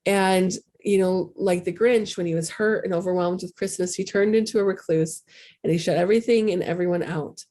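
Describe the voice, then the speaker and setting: A woman's voice: lowish voice, mellow. Rambling, candid middle-aged woman. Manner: candid, rambling, self-deprecating. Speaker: spiritual coach and podcast host. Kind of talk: casual heartfelt talk.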